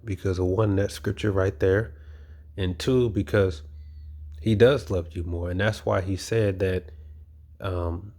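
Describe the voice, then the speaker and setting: A man with a very low voice preaches in a loose, conversational way. He leans on his points with emphasis and says many of them twice. He often checks in with "you know" as he goes. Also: steady tone, unhurried, darkish tone. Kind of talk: informal sermon.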